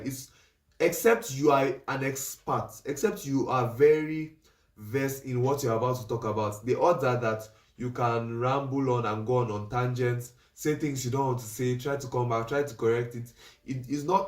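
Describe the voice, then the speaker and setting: A man's voice: mid-range voice, recorded from a distance. A man teaching a livestream class on making videos, explaining steps and checking in with his listeners. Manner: instructive, checks in with "right?" and "do you understand?". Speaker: livestream creative coach. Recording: roomy echo, voice off-mic.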